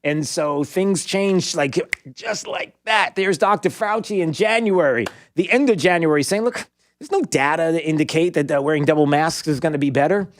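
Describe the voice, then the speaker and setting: A man's voice: normal speed, no room sound. A man hosting a talk radio show, taking callers with sarcastic, mock-exasperated remarks. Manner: sarcastic, mock-exasperated, jumps up in pitch for emphasis.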